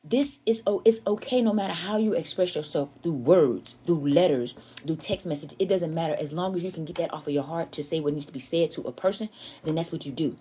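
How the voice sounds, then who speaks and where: In a deep, dark-toned, slightly rough voice, a woman briskly shares a candid personal story with her viewers, earnest and confessional. She leans on repetition for emphasis and frequently speaks to them as "y'all."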